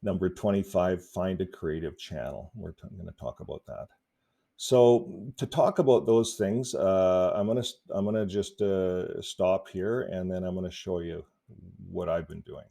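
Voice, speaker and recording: A man with a low, gravelly voice talks casually to his viewers in a vlog. His tone is dark and mellow, and his delivery is relaxed and rambling, broken up by frequent chuckles. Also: moderate pace. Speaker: YouTube activist vlogger.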